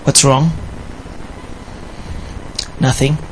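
A man's voice: medium pitch, little pitch movement, extremely slow, a little hiss or hum, poor audio. A man preaching about marriage in a light, playful way, often laughing with his audience. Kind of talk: sermon on marriage.

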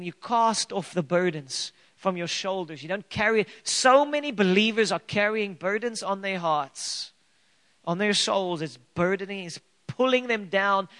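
A pastor with a high-pitched, fairly bright voice preaches to his congregation. He's earnest and emphatic, stacking rhetorical questions and stretching out key phrases.

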